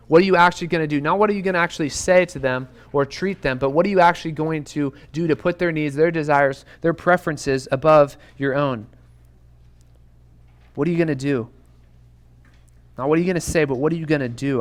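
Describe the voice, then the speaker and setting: A young adult youth pastor delivers an earnest, urgent sermon to students in a church youth room, returning again and again to rhetorical questions. His voice is a little high, steady in tone, and fast.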